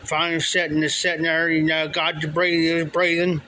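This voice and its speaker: A man's voice: a little high, little pitch movement, a little fast, bright, forceful tone, a little hiss or hum, poor audio. A man casually telling a long story, rambling and repeating "he says" and "I said" as he quotes people. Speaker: livestream storyteller. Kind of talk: casual spoken anecdote.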